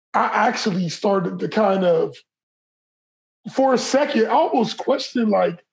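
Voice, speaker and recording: Co-host with a mid-range voice, animated, stumbles and restarts in casual chat. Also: medium pitch, low-quality recording. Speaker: podcast co-host.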